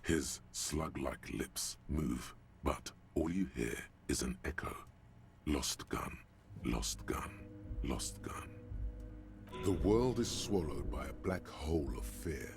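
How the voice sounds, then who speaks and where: Deep, ominous inner voice. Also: male voice, darkish tone, faint music behind. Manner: slow, grave, mocking narration. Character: inner-voice narrator, an ominous male conscience. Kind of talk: game narration.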